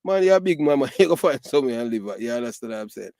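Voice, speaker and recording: His mid-range voice is gravelly and darkish, racing along with lively intonation. He's a middle-aged Jamaican man with a Patois accent giving casual, emphatic, repetitive commentary full of fillers, in studio-quality audio without echo.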